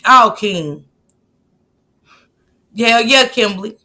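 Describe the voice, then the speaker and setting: A woman hosts a casual livestream, reading out viewer comments and reacting with blunt, emphatic remarks. Her voice is pitched a little high and has a sharp, bright edge. She laughs often and swears freely. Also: expressive, extremely slow.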